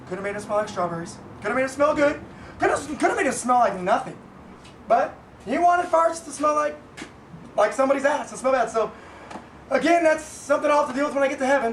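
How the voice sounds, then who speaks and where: A man's voice: very high voice, distant mic, a little hiss or hum. A man venting bluntly and profanely in a casual rambling monologue, recorded in an echoey room away from the mic. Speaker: vlogger, business owner. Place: Boise, Idaho.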